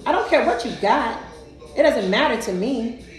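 A woman's voice: fairly high pitch, lively intonation, normal speed, reverberant, soft background music, poor audio. A woman casually telling a personal story, emphatic and colloquial, often repeating herself.

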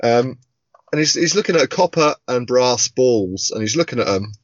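Animated, swearing man in his forties. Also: medium pitch, moderate pace, dry recording. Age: 40s. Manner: animated storyteller, swears and laughs often. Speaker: podcast co-host. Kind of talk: casual podcast chat. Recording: dull, dry lo-fi sound.

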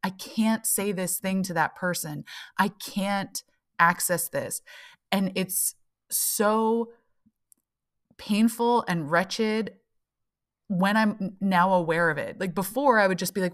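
A woman's voice: mid-range voice, unhurried. A woman hosting her own solo podcast, talking in a chatty, reflective way and briefly acting out the inner voices she describes. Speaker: podcast host.

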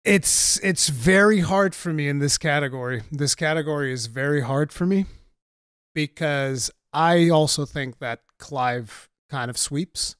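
A man giving blunt, opinionated takes on games in a casual podcast chat, swearing and getting animated. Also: on the high side, measured pace, clean tone, no room sound, clean studio sound. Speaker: gaming podcast co-host.

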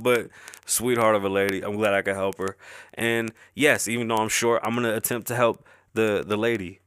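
A man with a Bronx New York accent hosts his podcast in a loose, rambling way, wandering off topic, cursing and laughing. His mid-pitched voice sits close on the microphone in a dry, dead-sounding room. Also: a little fast, sharp tone, clean tone, dry recording. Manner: rambling, easily sidetracked, swears and laughs often. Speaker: podcast host. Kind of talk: casual podcast chat. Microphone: close-up podcast mic.

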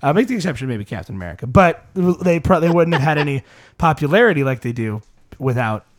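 A man's voice: fairly high pitch, animated, a little fast. Rambling man hosting a podcast. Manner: rambling, many fillers and restarts. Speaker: podcast host. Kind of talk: casual podcast chat.

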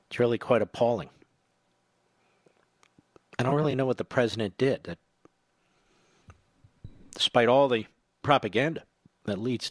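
A man's voice: medium pitch, dry recording. An older man hosting a political talk radio show, delivering a combative, sarcastic monologue that swells to emphatic peaks. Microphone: studio microphone.

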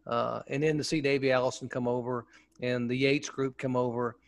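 A man's voice: mid-range voice, flat delivery, a little fast, no echo. Enthusiastic man telling a long story. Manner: enthusiastic, rambling with restarts. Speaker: former pit reporter, guest. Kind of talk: casual storytelling interview. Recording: dull, muffled lo-fi audio.

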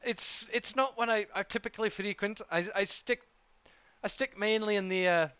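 Man doing a polite chatty musician, high bright voice, dull dry recording. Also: moderate pace, clean tone, no room sound. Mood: friendly. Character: friendly male musician on a ship.

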